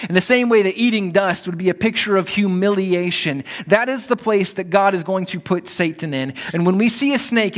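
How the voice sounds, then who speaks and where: A man's voice: high voice, a bit bright. A man preaching a sermon as pastor, in a conversational way with direct asides to his listeners.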